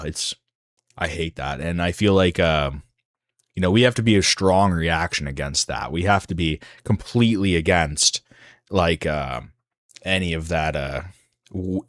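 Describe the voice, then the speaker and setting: A man with a low, deep voice hosts a casual livestream and talks straight into a dry, close-sounding mic. He rambles and halts, often trailing off into fillers and restarts before he finds his point. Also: no room sound. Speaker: livestream host.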